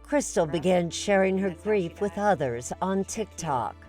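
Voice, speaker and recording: A woman correspondent narrating a true-crime report and asking interview questions in a measured, deliberate way. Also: fairly low pitch, lively intonation, loud music behind the voice.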